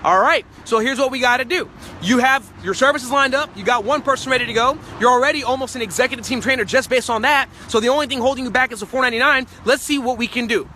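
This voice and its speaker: A man with a very high, bright, forceful voice delivers a rapid motivational sales talk. He is emphatic and acts out his clients' lines as he goes. Faint outdoor traffic noise sits behind him. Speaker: sales trainer.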